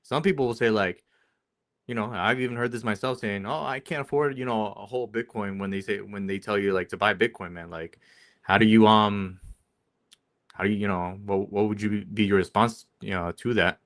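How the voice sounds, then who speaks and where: A man's voice: on the low side, fairly even intonation, normal speed, a bit bright. A man hosting a casual interview, asking long, rambling questions full of fillers. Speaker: host.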